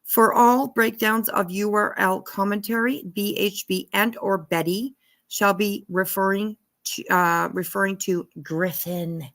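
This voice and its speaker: A woman's voice: mid-range voice, a bit bright. A woman commentator reading court papers aloud in a casual way, breaking off into profane, laughing asides. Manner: profane, laughing asides between read passages. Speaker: online drama commentator.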